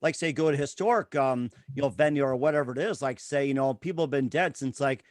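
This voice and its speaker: A man's voice: medium pitch, quick pace, no echo, clean studio sound. A man hosting an interview, asking long, rambling questions with many fillers. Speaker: interview host. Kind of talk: casual interview.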